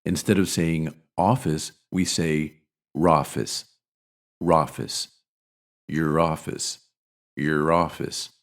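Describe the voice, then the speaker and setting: An American man teaching English pronunciation in a scripted narration, demonstrating sounds deliberately. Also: sits low, a little mellow. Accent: General American.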